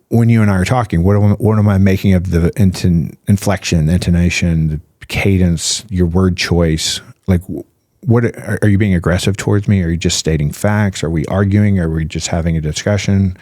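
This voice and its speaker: Male physician guest, low voice, animated explainer full of rhetorical questions, dry close recording. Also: normal speed, dry recording. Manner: animated, piles up rhetorical questions and "right?" tags. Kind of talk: casual podcast explanation.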